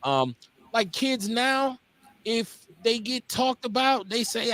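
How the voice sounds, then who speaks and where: A very high-voiced man in his forties from Milwaukee takes it slowly as he hosts a casual talk radio show, with no room sound. Blunt and profane, he tells animated stories and acts out the people in them.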